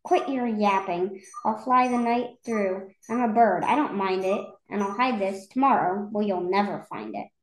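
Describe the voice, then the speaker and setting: A woman's voice: mid-range voice, moderate pace, few pauses, close to an everyday voice. A woman reading aloud, voicing a mighty male eagle who taunts and sneers. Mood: taunting. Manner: taunting, boastful. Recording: roomy echo.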